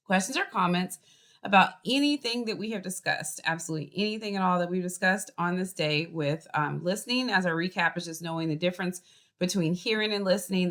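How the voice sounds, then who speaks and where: A woman's voice: on the low side, fairly quick. A woman professor with a Boston accent, giving a chatty online class lecture over a video call. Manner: lively, chatty teaching with acted example voices. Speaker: college professor.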